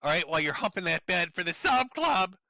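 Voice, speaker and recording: His voice sits high and sing-song, brisk, bright, and forceful, on a dry recording. The middle-aged man is angrily and profanely mocking things on a livestream, sarcastic throughout, while hurting from broken ribs and taking medication.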